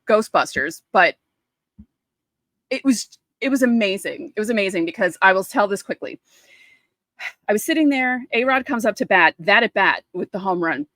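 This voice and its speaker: A woman, co-hosting a podcast and chatting casually, telling lively stories and acting out quotes. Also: medium pitch, no echo. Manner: animated storyteller, acts out quotes. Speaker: podcast co-host. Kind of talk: casual chat.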